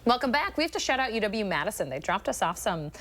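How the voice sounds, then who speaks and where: A woman's voice: medium pitch, very animated, fast, fairly bright tone. A woman co-anchoring a morning TV news show, chatting in an upbeat, teasing way. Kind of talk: casual on-air banter. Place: TV news studio.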